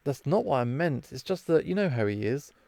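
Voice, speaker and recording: A man's voice: mid-range voice, expressive, fairly quick, vocal fry, warm tone, no echo. A man voicing an anxious, rule-following young male reindeer. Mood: worried. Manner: nervous and dutiful.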